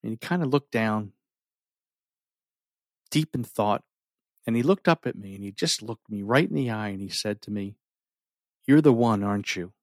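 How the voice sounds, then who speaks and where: A middle-aged man telling a personal story with earnest feeling, often sinking his voice low and holding back tears. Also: animated, normal speed, long pauses, no echo, studio quality. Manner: earnest, emotional, often drops to near a whisper. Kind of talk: personal story told to an audience.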